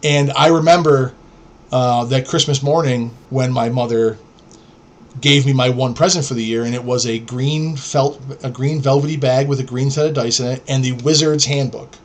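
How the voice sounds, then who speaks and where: A man's voice: medium pitch, fairly even intonation, normal speed. A middle-aged man from New York, a podcast host telling stories in a blunt, profane, rambling way. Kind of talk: casual storytelling.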